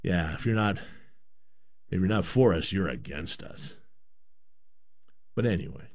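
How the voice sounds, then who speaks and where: A man's voice: deep voice, expressive, unhurried, no room sound, clean studio sound. A man from Canada hosting a sports talk show, giving a rambling, opinionated monologue.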